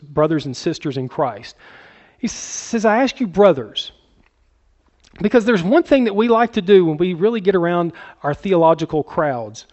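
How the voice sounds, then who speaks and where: High-voiced animated male preacher. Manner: conversational, acts out quotes with sudden high squeaky bursts. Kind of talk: sermon. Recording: dull lo-fi sound.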